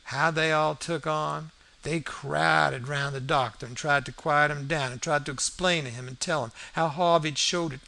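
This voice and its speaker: Gravelly male audiobook narrator. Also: mid-range voice, pushed and bright. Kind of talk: scripted narration.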